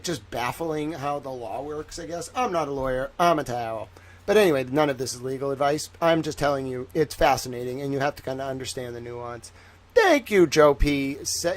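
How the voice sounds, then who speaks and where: Rambling streamer man with a Southern drawl. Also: a little high. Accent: put-on Southern US drawl. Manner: rambling, heavy use of "like", joking asides. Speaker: live-stream legal commentator. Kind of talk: casual livestream commentary.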